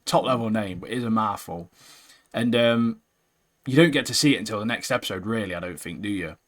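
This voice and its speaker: A man co-hosting a casual anime podcast, animated and full of banter. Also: lowish voice, fairly quick. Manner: animated, banter-heavy, says "mate" constantly. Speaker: podcast co-host.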